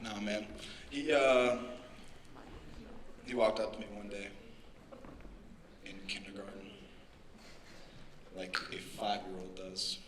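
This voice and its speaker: A man's voice: lowish voice, slow, long pauses, far from the mic. A young man doing a stand-up set on a club stage, casual, rambling and self-deprecating, into a handheld mic. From United States. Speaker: stand-up comedian. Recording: echoey club with loud background noise.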